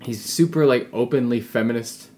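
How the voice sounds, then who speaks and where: A man's voice: medium pitch, moderate pace, darkish tone, slight background noise. A young man co-hosting a podcast, answering his partner's jokes dryly and with mock exasperation, swearing now and then. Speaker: podcast co-host. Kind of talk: casual banter.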